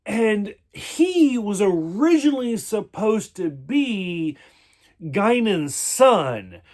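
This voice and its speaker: High-pitched guy reviewing an episode, loose and rambly, swears a lot, tons of "like". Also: very animated, extremely slow, a little mellow. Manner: rambling, profane, many "like" fillers. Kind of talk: casual spoken review.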